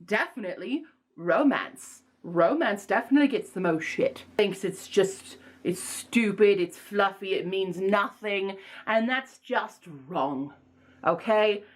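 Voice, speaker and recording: A young woman chatting casually to camera as a book vlogger, animated, rambling and self-mocking. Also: medium pitch, measured pace.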